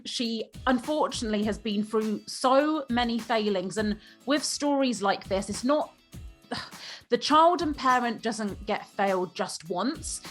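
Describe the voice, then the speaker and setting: A woman's voice: mid-range voice, lively intonation, a little slow, fairly bright tone, faint music behind. A woman hosting a podcast interview, speaking earnestly and growing emotional. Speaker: podcast host.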